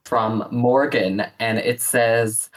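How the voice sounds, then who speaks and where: Giggly, husky podcast co-host. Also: medium pitch, steady tone, slow pace, faint music behind, poor audio. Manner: giggly, trailing off with fillers. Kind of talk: casual chat reading film reviews.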